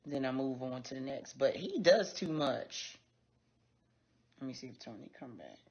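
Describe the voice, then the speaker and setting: A woman's voice: rumbling low, lively intonation, normal speed, a little mellow, breathy edge. A woman hosting a casual livestream, talking bluntly and with plenty of profanity straight to her viewers. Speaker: livestream host. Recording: dull lo-fi stream audio.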